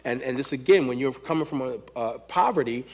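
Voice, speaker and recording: Animated American man telling stories. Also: mid-range voice, a little fast. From United States. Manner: animated storytelling, laughs often, acts out quotes. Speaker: hip hop choreographer. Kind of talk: conversational panel talk.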